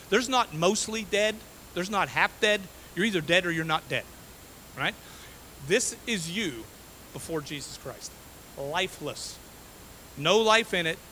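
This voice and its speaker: A man preaching a sermon from the pulpit with a bright, forceful voice pitched a little high. He hammers his points by repeating phrases and keeps checking in with the congregation. A faint hiss runs under the recording. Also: poor audio. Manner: emphatic, repeats phrases, frequent "okay?" and "right?". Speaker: pastor.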